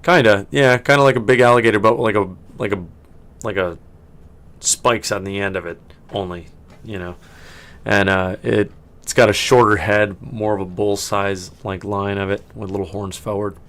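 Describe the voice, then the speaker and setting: Low male game master, casual and rambling, laughs easily. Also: steady tone, normal speed, fairly bright tone. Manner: chatty, laughs often, many fillers. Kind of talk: narrating a tabletop game.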